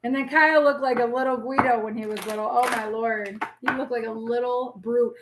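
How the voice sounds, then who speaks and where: A woman's voice: on the high side, fairly even intonation, a little fast, roomy sound, noisy background. A woman in her forties hosting a casual live tarot reading, chatty, blunt and reassuring as she talks straight to viewers.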